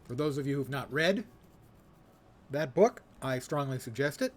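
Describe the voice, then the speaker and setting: A man's voice: medium pitch, animated, normal speed. An American man streaming a game, chatting casually with rambling asides and frequent self-corrections. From United States. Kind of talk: casual gameplay chat.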